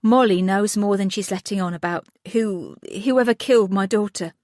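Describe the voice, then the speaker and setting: A woman's voice: medium pitch, normal speed, darkish tone, no echo, clean studio sound, natural voice. A woman voicing a grieving mother who is angry and accusing in an audiobook, speaking with raised urgency. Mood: anguished.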